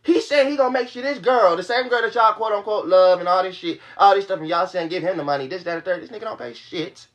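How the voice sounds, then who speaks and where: A man's voice: high voice, fast talker, few pauses, a bit bright, highs cut off. A young man venting to his livestream audience in a heated, profane rush, repeating his points. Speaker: livestream host. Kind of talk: venting to a live stream audience.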